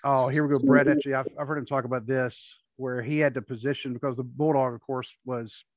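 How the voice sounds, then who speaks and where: A man's voice: medium pitch, level tone, fairly quick, no room sound. Man chatting on a lo-fi podcast. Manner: rambling, with frequent restarts and laughs. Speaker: podcast co-host. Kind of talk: casual watch-along chat.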